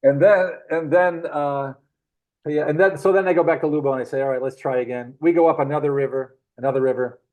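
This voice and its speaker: A middle-aged man, the guest, telling rambling adventure anecdotes in a casual, animated way with frequent chuckles. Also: fairly high pitch, brisk, poor audio. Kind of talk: casual storytelling.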